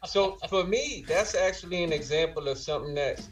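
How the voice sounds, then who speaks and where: A man chatting casually as a podcast guest, animated, slangy and profane. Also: fairly high pitch, brisk, distant mic.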